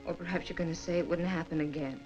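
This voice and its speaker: An actress in a 1950s film playing a bitter young woman who coldly accuses a man and rises to shouting. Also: fairly low pitch, steady tone, fast talker, lo-fi sound, natural voice. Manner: cold, accusing, rising to shouting. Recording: old film soundtrack with music.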